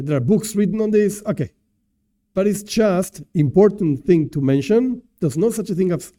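Man, informal religious lecture, slightly high pitch, very dark mellow tone, rephrases often. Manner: thinks aloud, rephrases and translates terms as he goes. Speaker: religious teacher. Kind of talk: informal lecture on Jewish teachings.

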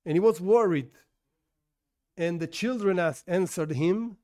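This man teaches an informal Torah lesson in English, which isn't his first language, correcting himself as he goes and posing questions he then answers. His voice is high-pitched and mellow, at a moderate pace.

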